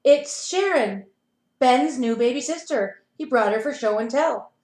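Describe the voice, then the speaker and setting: A woman's voice: high-pitched, expressive, unhurried, darkish tone, roomy sound. A woman doing a flustered schoolteacher. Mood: exasperated. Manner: exasperated.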